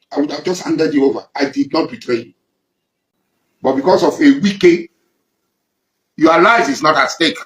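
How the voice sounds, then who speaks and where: A man's voice: on the high side, a bit bright, echoey room, low-quality recording. A middle-aged Nigerian man in a confrontational public address, accusing and emphatic, repeating lines for force. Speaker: traditional ruler and political figure.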